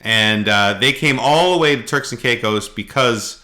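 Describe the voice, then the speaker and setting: A middle-aged man from Canada, co-hosting a podcast and telling animated anecdotes in casual chat. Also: mid-range voice, normal speed. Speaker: podcast co-host.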